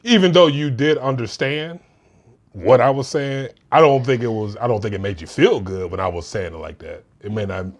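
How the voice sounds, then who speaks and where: A man's voice: mid-range voice, moderate pace. A man co-hosting a relationship podcast in casual chat, easygoing and teasing. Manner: easygoing, teasing, drops into mock complaint. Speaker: podcast co-host.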